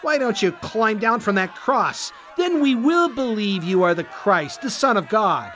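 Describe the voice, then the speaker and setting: A man voicing a sneering crowd of passers-by who shout taunts in a storybook reading. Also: high-pitched, very animated, measured pace, a little hiss or hum, pitched above the performer's own voice, full character voice.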